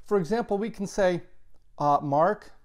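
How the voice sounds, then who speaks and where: A man teaching a Latin grammar lesson, explaining step by step and repeating key words slowly. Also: a little high, animated. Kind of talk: recorded classroom lecture.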